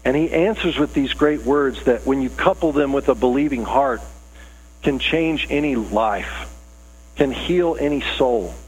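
A man's voice: medium pitch, animated, a little slow, husky, poor audio. A man preaching a conversational sermon, earnest and casual with rising emphasis. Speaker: pastor.

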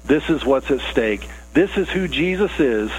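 A man's voice: on the high side, expressive, moderate pace, slightly rough, poor audio. A man preaching a conversational sermon, earnest and casual with rising emphasis. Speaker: pastor.

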